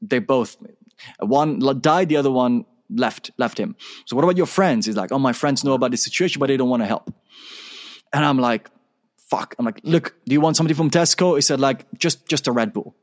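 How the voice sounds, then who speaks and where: A man's voice: mid-range voice, fairly quick. A man guesting on an interview show tells a story with energy. He acts out the conversation, switching between his own lines and the other person's.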